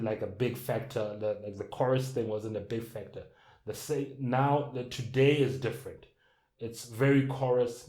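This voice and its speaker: Mellow-voiced man, roomy echo. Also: on the low side. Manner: loose, rambling, hums and sings melody ideas. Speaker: songwriter. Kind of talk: casual talk to camera.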